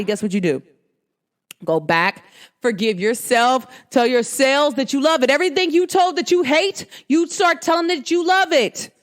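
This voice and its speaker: A young woman with a New Jersey–New York accent hosting a solo podcast, talking in an animated, emphatic and slangy way. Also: on the high side. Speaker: podcast host. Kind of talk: casual solo podcast monologue.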